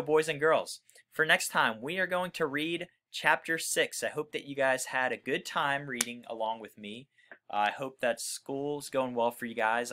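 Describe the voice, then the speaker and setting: A man reading a children's book aloud, pausing to explain words to young listeners in a friendly way. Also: mid-range voice, sharp tone. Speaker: reader for children.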